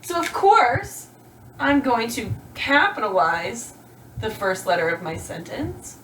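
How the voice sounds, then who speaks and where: A woman's voice: fairly high pitch, a little slow, slight background noise, poor audio. A woman teacher giving a grammar lesson to children, encouraging and asking questions as she goes. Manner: animated, encouraging, asks rhetorical questions.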